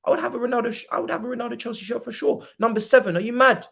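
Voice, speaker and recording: A young man hosts a football watchalong, chatting in slang about the game. His voice sits high and sounds bright and forceful. He drifts from easy opinions into loud, animated rants of mock outrage. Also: quick pace, gravelly, few pauses. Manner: laid-back football opinions. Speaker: host of a football watchalong stream. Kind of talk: casual livestream chat.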